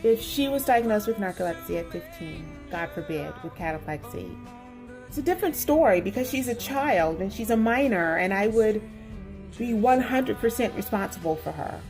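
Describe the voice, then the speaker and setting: A woman in her forties telling a story in a casual vlog with emphatic, expressive delivery. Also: medium pitch, moderate pace, music in the background. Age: 40s. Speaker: vlogger.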